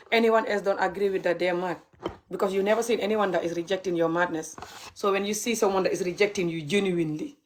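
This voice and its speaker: A woman's voice: on the low side, a little hiss or hum. A young adult woman, ranting heatedly and mockingly on a livestream as a vlogger. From Gambia. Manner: heated, mocking, laughs bitterly. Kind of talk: livestream rant.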